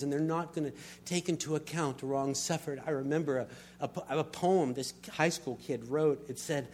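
A man's voice: mid-range voice, darkish tone, slight background noise. A middle-aged man preaching a sermon, telling personal stories and building to emphatic passages. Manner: storytelling, builds to emphatic swells. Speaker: pastor.

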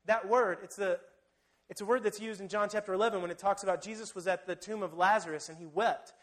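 Man, high-pitched voice, pastor, sermon, vivid storytelling, loud-then-hushed delivery. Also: steady tone, quick pace.

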